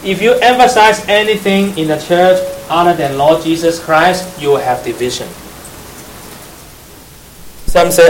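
Man, preaching, higher voice, quizzes his listeners, repeats key phrases, faint background hiss. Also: unhurried, pauses often, low-quality recording. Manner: asks the audience questions, repeats phrases, teasing asides. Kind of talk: sermon to young church members.

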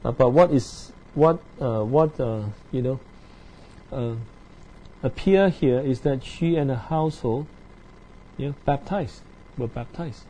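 A man teaching through a Bible passage verse by verse. He talks haltingly, with many fillers, and keeps checking in with his listeners through tag questions. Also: mid-range voice, warm tone, a little hiss or hum, poor audio. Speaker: preacher.

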